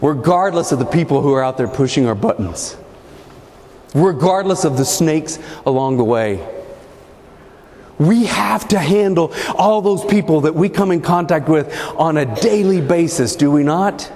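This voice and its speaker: Animated man telling a comic story. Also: fairly high pitch, measured pace. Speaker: keynote speaker. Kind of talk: humorous motivational speech. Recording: echoey hall, faint room noise.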